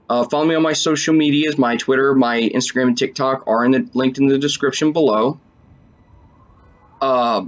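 A man giving casual commentary over a video game, excitable and swearing often as he talks to his viewers. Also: mid-range voice, lo-fi sound. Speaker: let's play gamer.

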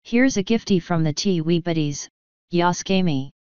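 A woman voicing a tiny, brash male fairy warrior, shouting cocky rough slang. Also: lowish voice, moderate pace, no echo, dull audio, close to an everyday voice. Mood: fierce.

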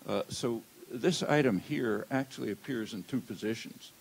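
An older man giving an academic lecture in a lecture hall, measured and halting, with many "uh" fillers. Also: medium pitch, gravelly, husky. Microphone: handheld or lectern mic.

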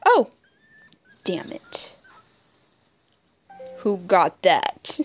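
A young woman commenting on her own online game play, muttering in frustration and breaking into high squealing shouts. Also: sing-song, takes it slowly, creaky, pauses often, slightly rough. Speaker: gamer playing an online wolf game. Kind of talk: casual gameplay commentary.

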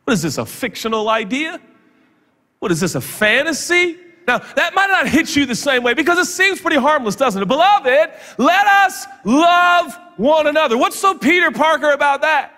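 A man preaching a sermon in a large church auditorium, with a high, bright voice that swings up and down constantly. He tells stories full of jokes and quick asides, and his words ring out with the long reverb of a big hall. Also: sing-song. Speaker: guest pastor.

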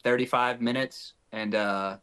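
Young man from north Texas, podcast guest; animated storyteller who acts out the voices of others, mid-pitched. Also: unhurried, smooth. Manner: animated, acts out quoted dialogue. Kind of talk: casual storytelling.

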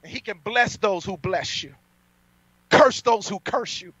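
Defiant high-voiced man preaching. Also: a little slow, breathy edge, no room sound. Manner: boastful, defiant, rising to shouting peaks. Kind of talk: fiery sermon. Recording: dull lo-fi sound, dry.

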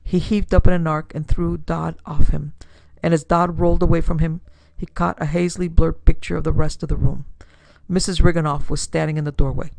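A woman's voice: deep voice, flat delivery, a little fast, creaky, a little mellow, no room sound. A woman narrating a classic pulp detective story with dramatic storytelling for her podcast. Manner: dramatic storytelling, builds force in action scenes.

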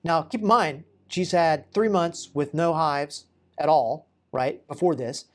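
A chiropractor talking through a patient's case in an informal, conversational way, asking rhetorical questions and pausing on fillers. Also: male voice, on the high side. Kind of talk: informal educational talk to camera.

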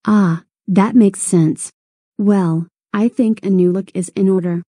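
A woman's voice: mid-range voice, fairly even intonation, takes it slowly, mellow, husky, no room sound, clean studio sound. A woman voicing a sweet, cheerful young cartoon girl.

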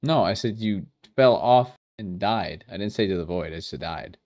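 A man's voice: sits low, lively intonation, moderate pace, darkish tone, dry recording, studio quality. A man joining friends in a video game, teasing and sarcastic in casual banter. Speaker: fellow player.

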